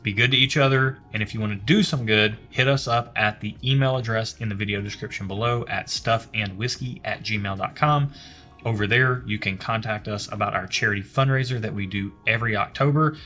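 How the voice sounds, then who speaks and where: A man with a slightly low but bright voice talks loosely about whiskey. He jokes with his co-host and drifts off topic. The pace is easy, with soft music behind him. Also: steady tone, a little fast. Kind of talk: casual chat.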